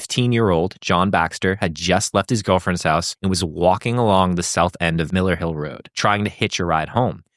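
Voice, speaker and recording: A man's voice: sits low, moderate pace, hardly any pauses, a bit bright, no echo, studio quality. A man hosting a podcast, telling a spooky tale in a casual way, swearing and laughing at his own lines. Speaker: podcast host telling the story.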